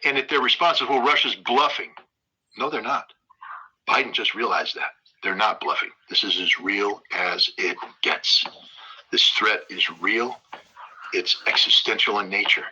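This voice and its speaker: A low, husky-voiced man drives his monologue with sharp, forceful energy, repeating key lines for emphasis. The sound is dull and lo-fi, like a modest home setup. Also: normal speed. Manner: emphatic, hammers points by repeating phrases. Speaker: show host and political commentator. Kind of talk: impassioned political commentary monologue.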